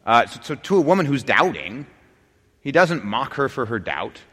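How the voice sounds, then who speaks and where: A man's voice: medium pitch, normal speed, slightly rough. Man teaching scripture in an echoing hall. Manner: animated, many restarts and asides. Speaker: preacher. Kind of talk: Bible teaching. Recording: long hall reverb.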